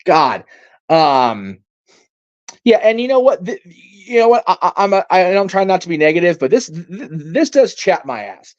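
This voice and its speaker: A man's voice: high-pitched, big pitch swings, normal speed. A man hosting a casual livestream, reading out viewer comments and reacting in a rambling, heated way, swearing freely and using many fillers. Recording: dull lo-fi stream audio.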